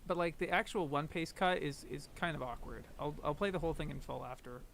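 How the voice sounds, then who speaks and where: Young male streamer, high voice with gravel, loose rambling commentary. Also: fairly quick, fairly bright tone, a little hiss or hum. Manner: rambling, laughs often, briefly mimics characters. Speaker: streamer comparing anime episodes. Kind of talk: casual commentary.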